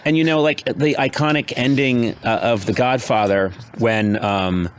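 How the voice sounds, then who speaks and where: A man's voice: mid-range voice, steady tone, a little slow, slight background noise. A man joking through a film anecdote on a podcast, playful and silly, imitating sounds as he talks. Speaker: podcast host. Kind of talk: casual comedic podcast banter.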